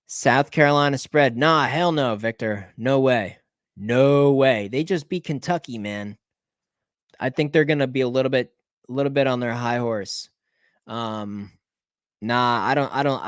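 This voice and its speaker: A man runs a late-night live stream of betting picks in a medium voice, recorded dry and close with no room sound. He thinks aloud, repeats team names and corrects himself. His talk drops into quiet mutters and then jumps into excited outbursts. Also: mid-range voice, clean tone, dry recording. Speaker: sports betting show host.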